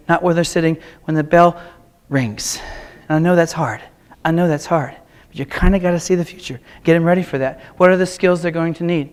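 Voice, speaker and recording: Giving a humorous keynote, a Kansas art teacher in his fifties speaks in a high, smooth voice. His wry, self-mocking stories come in punchy short lines, holding the crowd the way a teacher would.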